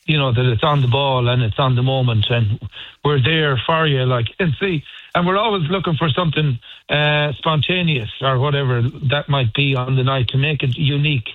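A man's voice: medium pitch, normal speed, no echo. A middle-aged Irish man, a band member, chatting by phone in a rambling, storytelling way with hesitant restarts. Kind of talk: phone interview. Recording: tinny phone line.

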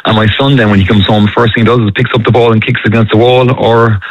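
A man calling a radio show, explaining himself in a measured, slightly hesitant way. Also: fairly low pitch, flat delivery, dry recording. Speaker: caller. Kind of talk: radio phone-in chat. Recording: dull phone-line sound.

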